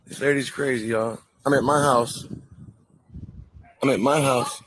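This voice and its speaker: A man's voice: mid-range voice, steady tone, a little slow, a bit bright, low-quality recording. A young man outdoors outside his house, exasperated and laughing in disbelief as he films a confrontation.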